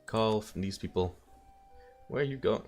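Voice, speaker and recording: A man's voice: fairly low pitch, normal speed, a little mellow, soft background music. A man casually commenting while playing a strategy game, thinking aloud with wry asides. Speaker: let's play host.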